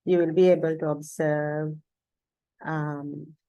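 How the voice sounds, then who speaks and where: Slow, soft-spoken woman teaching meditation. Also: sits low, flat delivery, no room sound, poor audio. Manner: slow, pausing deliberately, with soft fillers and self-corrections. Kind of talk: guided meditation talk.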